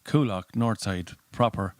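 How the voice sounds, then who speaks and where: A man's voice: on the low side, a little slow, no room sound. An Irish man, a guest comedian, telling anecdotes in casual chat and acting out the voices of people in them. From Ireland. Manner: animated storyteller, acts out voices.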